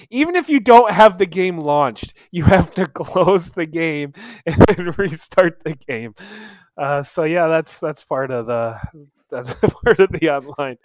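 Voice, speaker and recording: A man's voice: on the high side, lively intonation, slow pace, dry recording. A man co-hosting a casual gaming podcast, laughing often and hesitating as his sentences fade out. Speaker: podcast co-host. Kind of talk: casual gaming news chat.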